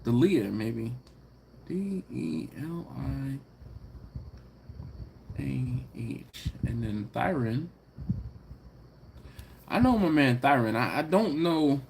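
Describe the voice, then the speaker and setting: Animated man hosting a live chat. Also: mid-range voice, very slow, gravelly, pauses often, a little hiss or hum. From Philadelphia. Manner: animated, laughs often, reads comments aloud. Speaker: livestream host reading chat.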